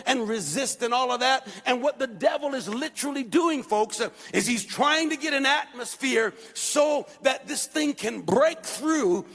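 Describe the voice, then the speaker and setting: Male pastor, sermon, high-pitched and emphatic, long hall reverb. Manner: emphatic, repetitive, preaching at a shout.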